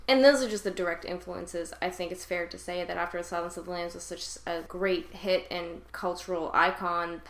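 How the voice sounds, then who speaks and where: A woman's voice: on the low side, fairly even intonation, moderate pace, few pauses, fairly bright tone, slight background noise. A woman co-hosting a podcast, talking casually and animatedly about a film. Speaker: podcast co-host. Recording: roomy echo.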